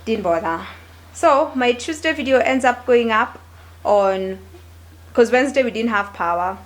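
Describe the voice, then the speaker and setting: A woman's voice: a little high, a little slow. A young woman, chatting casually and expressively to camera in a home vlog. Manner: chatty and expressive, with animated asides. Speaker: lifestyle vlogger.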